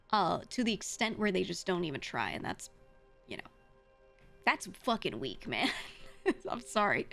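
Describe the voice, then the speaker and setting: A woman's voice: fairly low pitch, creaky, fairly bright tone. A woman streamer chatting casually with her chat, giving blunt, frank advice with some swearing. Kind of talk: casual livestream chat, answering chat.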